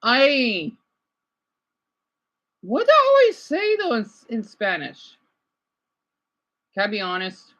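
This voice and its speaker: A woman's voice: on the high side, huge pitch swings, slow, long pauses, fairly bright tone, dull audio. A woman vlogger chatting casually about learning languages, rambling and hesitant, often checking in with "right?".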